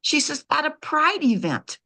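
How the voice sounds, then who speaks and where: Woman, middle-aged, heartfelt, repeats words for emphasis, slightly high voice. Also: sing-song, measured pace, creaky, bright, forceful tone. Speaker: author guest. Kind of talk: emotional storytelling chat.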